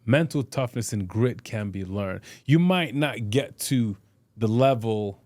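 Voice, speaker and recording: This middle-aged boxer and fitness trainer, guesting on a podcast, recounts boxing stories bluntly and profanely with many restarts and "you know" in casual interview talk. His medium-pitched voice is expressive and a little mellow at a measured pace, in a dry recording.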